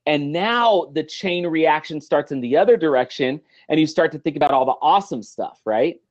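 A middle-aged man, a guest on an interview show, talking in an animated, motivational way and acting out little everyday scenes. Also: fairly high pitch, moderate pace, lo-fi sound.

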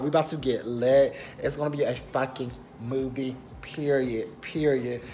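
A young man vlogs into his phone camera from a rented apartment, his medium-pitched voice carrying a little hiss or hum. His casual talk rambles and is full of fillers such as "period."

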